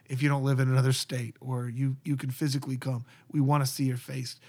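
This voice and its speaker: A man's voice: mid-range voice, level tone, quick pace, a little mellow. A man, a pastor, talking earnestly and conversationally about church community. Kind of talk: casual podcast talk.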